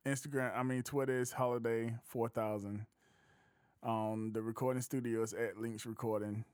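A man's voice: mid-range voice, fairly even intonation, normal speed, darkish tone, clean tone, dry recording. A man in easy conversation as a podcast host, loose and jokey, laughing often. The sound is dry and close, with no room around it. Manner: laid-back, laughs often, loose storytelling. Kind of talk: casual chat.

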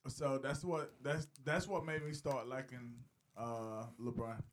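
Guy cracking blunt jokes on a podcast, gets loud then soft again. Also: mid-range voice, steady tone, unhurried. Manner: blunt, joking banter with sudden jumps in loudness. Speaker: podcast co-host. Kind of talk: casual chat.

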